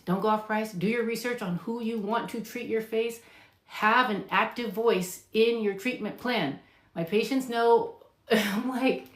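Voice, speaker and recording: A woman nurse practitioner answering viewer questions in casual live talk, emphatic and chatty, with lots of fillers and acted-out patient lines. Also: mid-range voice. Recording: echoey room.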